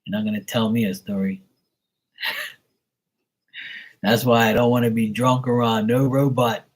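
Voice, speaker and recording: A man's voice: medium pitch, fairly even intonation, brisk. A man hosting a live stream, telling jokey stories in casual, profane chat and laughing often. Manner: profane, joking storyteller who laughs often. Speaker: livestream host.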